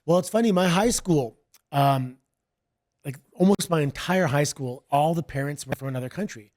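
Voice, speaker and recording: A middle-aged man from Canada, a guest chatting casually and telling rambling stories in a relaxed way. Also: fairly high pitch, moderate pace. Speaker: guest, wrestler. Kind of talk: casual interview chat.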